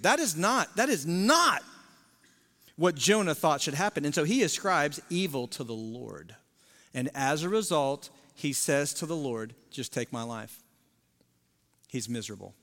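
A lead pastor, a man with a notably high voice, delivers a sermon to his congregation. He swings from loud, emphatic declarations to quiet, near-whispered moments and chats in asides. His voice rings through the long reverb of a large church sanctuary. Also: expressive, unhurried.

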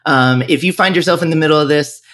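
He talks fast, in a fairly high, fairly bright voice. The speaker owns a music school in northern Virginia and is being interviewed for a podcast. His manner is open and thoughtful, though he keeps restarting sentences.

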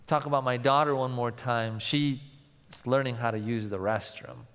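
A young man, a pastor, preaching a sermon with personal stories, animated and shifting between loud passages and hushed, tender ones. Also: mid-range voice, moderate pace, smooth, in a large hall.

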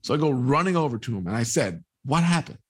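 A man recounting a story as an interview guest, mid-pitched and close to the mic in a dry space. He tells it with energy and slips into the voices of the people he quotes. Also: fast talker, breathy edge, no echo. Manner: animated, acts out quoted dialogue. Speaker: sports photographer, interview guest. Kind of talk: storytelling anecdote.

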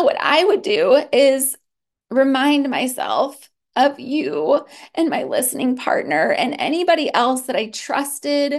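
A woman, a therapist speaking in a candid podcast conversation, earnest and reflective with soft laughs. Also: sits high, creaky. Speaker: therapist and guest.

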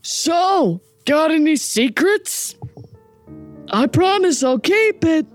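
Woman doing a sly high bird-person. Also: big pitch swings, slow pace, soft background music, exaggerated voice. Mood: coaxing. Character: intent bald eagle bird-person, curious and sly.

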